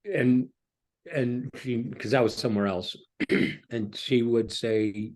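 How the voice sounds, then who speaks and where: Halting, reflective man preaching. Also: mid-range voice, fairly even intonation, darkish tone. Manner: halting, with frequent ums and restarts. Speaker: pastor.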